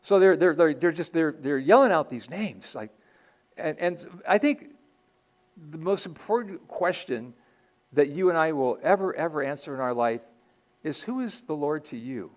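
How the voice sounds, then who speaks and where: A man's voice: fairly high pitch, expressive, normal speed. A man preaching a sermon in a church as pastor, earnest and conversational, often restarting his sentences.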